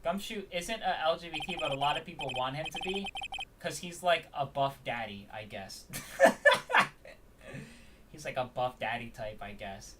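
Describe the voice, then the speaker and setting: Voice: mid-range voice, normal speed, recorded from a distance, background noise. A streamer reading a visual novel aloud, with casual, chatty asides between lines. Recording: loud game music, voice set back from mic.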